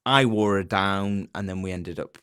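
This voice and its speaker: A man's voice: low voice, moderate pace, fairly bright tone, smooth, no room sound, studio quality. A young man co-hosting a podcast, chatting casually with his partner. He rambles and cuts himself off, joking as he goes. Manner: rambling, self-interrupting, joking. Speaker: podcast co-host. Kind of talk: casual chat.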